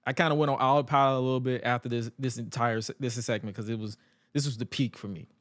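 A man's voice: medium pitch, quick pace, dry recording, studio quality. A man co-hosting a podcast, casually recapping wrestling and acting out funny quotes. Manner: animated, joking storyteller who acts out quotes. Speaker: podcast co-host.

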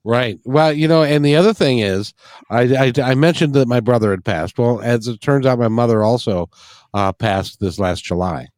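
A man's voice: medium pitch, moderate pace, darkish tone, no room sound, studio quality. A man hosting a casual interview, hesitant with frequent restarts and fillers.

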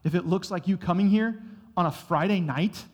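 A man's voice: high-pitched, moderate pace. A man preaching a sermon in a church, conversational, acting out short bits of dialogue as he goes. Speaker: pastor. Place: church sanctuary. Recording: long hall reverb.

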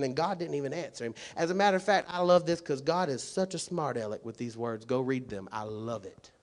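A man delivers a sermon in a colloquial, forceful style, sinking into quiet asides and then climbing to loud, shouted points packed with rhetorical questions. His pitch is medium, and he moves briskly with few pauses.

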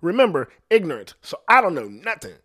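A man hosting a podcast in a casual, profane rant, rambling and trailing off quietly, often laughing at himself. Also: high-pitched, wildly swooping pitch, brisk. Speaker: podcast host.

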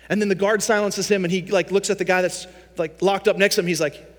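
A pastor with a high, bright voice delivers a sermon, and his words ring out with a long reverb from the church hall. He tells stories with animation and slips into the voices of the people he quotes. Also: quick pace.

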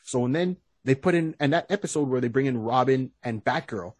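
A man's voice: medium pitch, lively intonation, brisk, no echo. A man in casual podcast chat, animatedly retelling cartoon scenes and briefly acting out the characters.

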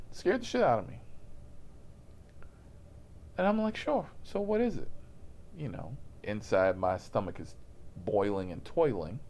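A man's voice: mid-range voice, darkish tone. A man telling a profane, comic story about his rideshare job in a casual voice, laughing at himself as he goes.

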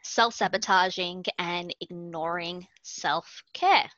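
A woman's voice: lowish voice, slow pace, fairly bright tone, no echo. A woman co-hosting a casual podcast chat, chatty and given to swearing and restarts. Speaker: podcast co-host. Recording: dull, lo-fi, dry sound.

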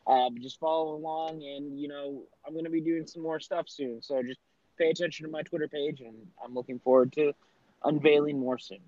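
A man's voice: on the high side, steady tone, a little fast, dark tone, no room sound. A man with a mid-range voice speaks briefly and plainly in a casual podcast chat. His voice comes through dull and lo-fi, dry and close. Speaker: podcast co-host. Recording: dull, lo-fi headset audio.

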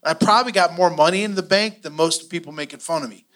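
A middle-aged man teaching a church finance class, telling stories with animated, acted-out quotes. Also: fairly high pitch, quick pace. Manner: animated storytelling, acts out quotes.

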